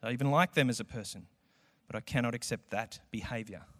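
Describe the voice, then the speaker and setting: A man's voice: mid-range voice, fast talker, a bit bright. A man preaching a sermon in a church, conversational and acting out quotes. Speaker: pastor. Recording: echoey hall with long reverb.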